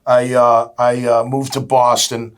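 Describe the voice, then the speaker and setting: Casual: guy in his fifties from florida chatting away as a guest, average pitch, lots of you-knows, does little voices for quotes. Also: monotone, unhurried. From Jacksonville, Florida. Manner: chatty, acts out quoted dialogue, many "you know" fillers. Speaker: guest, former pro football player. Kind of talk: casual storytelling interview.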